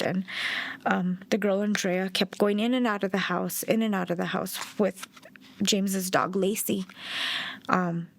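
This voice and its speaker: A woman's voice: medium pitch, gravelly. Middle-aged mother, documentary interviewee; direct, blunt, speaks her mind. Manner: blunt and outspoken. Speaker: bereaved mother.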